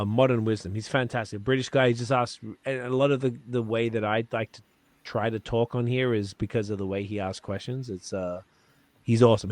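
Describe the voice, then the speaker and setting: A podcast host with a fairly low-pitched, darkish male voice chats casually and rambles, full of swearing and fillers. His manner is loose and profane, and the recording is dry.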